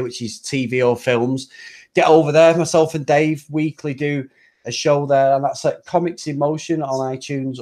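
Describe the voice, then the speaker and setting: A man's voice: medium pitch, darkish tone. A man from Manchester with a Mancunian accent, co-hosting a football podcast in a chatty, casual way. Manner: chatty, laughs often, apologetic asides. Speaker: podcast co-host.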